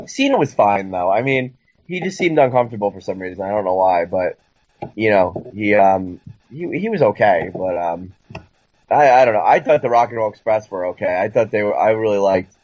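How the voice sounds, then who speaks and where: A man co-hosting a casual wrestling podcast, rambling and excitable, sometimes mocking others in a squeaky voice. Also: normal speed, no echo. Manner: rambling, excitable, mocking high-pitched impressions. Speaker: podcast co-host. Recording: dull lo-fi dry sound.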